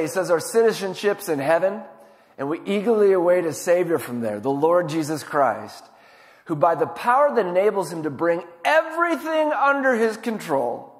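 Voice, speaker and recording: Male pastor, somewhat high gravelly voice, emphatic sermon delivery. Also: long reverb tail. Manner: emphatic, swinging from loud to hushed.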